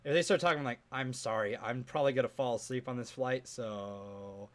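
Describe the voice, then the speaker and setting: A man's voice: mid-range voice, fairly quick, a little hiss or hum. A man hosting a casual podcast chat, rambling and swearing freely, laughing often. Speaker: podcast host.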